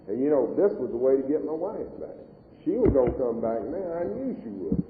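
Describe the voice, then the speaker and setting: A man's voice: medium pitch, big pitch swings, fairly quick, noisy background. A middle-aged man telling his recovery story at a meeting, plain-spoken and folksy. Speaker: AA meeting speaker. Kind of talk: personal recovery testimony. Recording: echoey hall on a tinny old tape.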